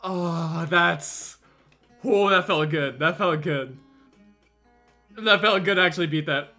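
A young man in his early twenties doing excited gaming stream commentary, shouting and swearing with his throat strained from screaming. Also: fairly high pitch, slow pace, faint music behind. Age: early 20s.

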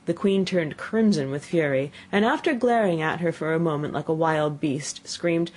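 A woman reading a classic children's story aloud as an audiobook narrator, with expressive storytelling. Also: deep voice, moderate pace. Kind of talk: scripted narration.

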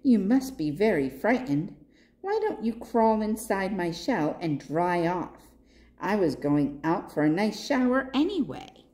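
A woman voicing a kind, gentle female turtle in a storybook reading, soothing and motherly. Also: medium pitch, very animated, unhurried.

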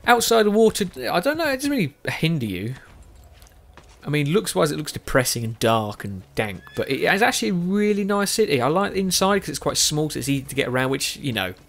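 A man's voice: fairly high pitch, big pitch swings, brisk, creaky, a bit bright. A tired man, chatting casually as he plays a game and often correcting himself. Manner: rambling, self-correcting, chatty. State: tired with a sore throat. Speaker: gaming video host.

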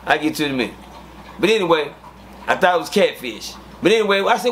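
A man with a fairly high voice tells prison stories in casual interview talk. He swears freely and acts out each person's lines as he goes. A faint hum of ambient noise sits behind him. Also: fast talker. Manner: profane, animated, acts out quoted dialogue. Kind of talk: casual storytelling.

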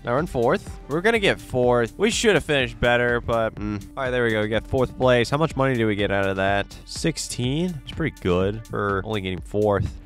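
A man's voice: expressive, a little fast, hardly any pauses. Young guy ranting over his racing game, voice jumps all over, faint music behind. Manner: exasperated, sarcastic complaining with sudden high-pitched outbursts. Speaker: gaming YouTuber. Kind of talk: live gameplay commentary.

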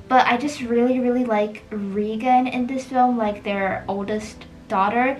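A woman with a voice on the high side chats while drawing, rambling about a film and dropping "like" into almost every sentence. She's an art vlogger, the recording is rough, and gentle music plays behind her.

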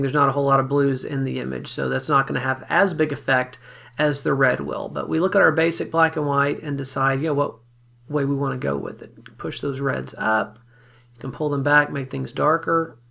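A man giving a relaxed, step-by-step photo editing software tutorial, talking casually with fillers as he works. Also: fairly high pitch, gravelly. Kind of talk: screen-recorded software tutorial.

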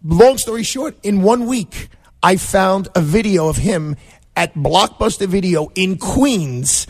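A man's voice: sits high, takes it slowly. A middle-aged man from Brooklyn, a defense attorney chatting as a call-in radio guest and acting out quoted voices as he tells stories. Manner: animated storyteller, acts out quotes.

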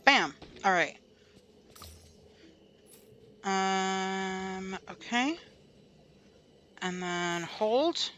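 A woman's voice: mid-range voice, very slow, pauses often, fairly bright tone, a little hiss or hum. A woman chatting casually through a gameplay livestream, talking to herself and to chat and laughing often. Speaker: streamer. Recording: light music behind the voice.

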